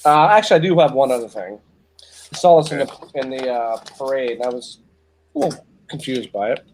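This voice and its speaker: A man's voice: mid-range voice, a little fast, a little mellow, slight background noise. A middle-aged man, co-hosting a casual chat, who reads out items and adds dry asides. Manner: dry, reads out lists with quips.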